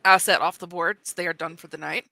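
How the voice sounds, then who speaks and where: A woman co-hosts a casual livestream in a bright, sharp voice. Her voice has a lot of gravelly fry. She talks in a playful, teasing way. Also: lowish voice, fairly even intonation, fast talker, slight background noise. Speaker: co-host.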